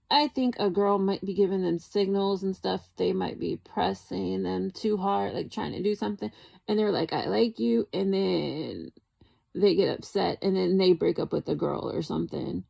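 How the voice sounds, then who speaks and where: A woman's voice: mid-range voice, creaky, dark tone. A young woman talking casually to camera, rambling and musing, with lots of "like". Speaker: vlogger.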